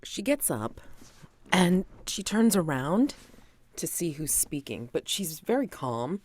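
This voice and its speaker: A woman player in a tabletop game, speaking in a calm and measured way. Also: on the low side.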